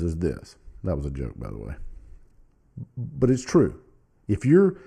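A man hosts his own show, delivering blunt, casual opinions straight to the viewer and reading search results aloud as a podcast host. His voice is mid-range with a dark tone.

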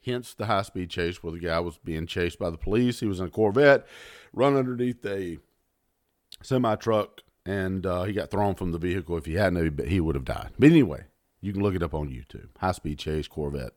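A man's voice: low voice, fairly quick, a little mellow, dry recording, studio quality. A middle-aged man, hosting a talk show and ranting angrily about politics, swearing often and sneering sarcastically. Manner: profane, heated and sarcastic. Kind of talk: angry political rant.

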